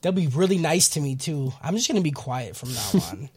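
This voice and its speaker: A man's voice: fairly high pitch, lively intonation, brisk, husky. A man in his thirties, a father, chatting on a podcast in a blunt, profane, joking way. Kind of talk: casual chat.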